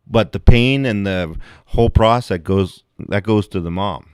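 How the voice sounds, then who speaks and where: A man's voice: fairly low pitch, lively intonation, normal speed, dry recording, studio quality. A middle-aged man hosting a livestream, ranting bluntly with heavy swearing and frequent laughs. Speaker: livestream host. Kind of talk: casual livestream chat.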